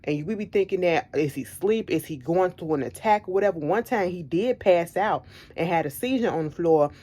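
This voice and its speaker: Animated woman telling a story. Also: on the low side, brisk. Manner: animated, emphatic, repeats points, blunt. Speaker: vlogger. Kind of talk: casual storytelling chat.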